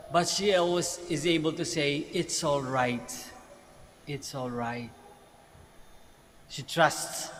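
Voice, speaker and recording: A Filipino-accented man gives a homily at morning Mass, speaking in a mid-range voice and talking through rhetorical questions in an easy, conversational preaching manner. His words ring out with a long church reverb, and a faint hiss sits under the recording. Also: medium pitch. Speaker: priest. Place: large church basilica.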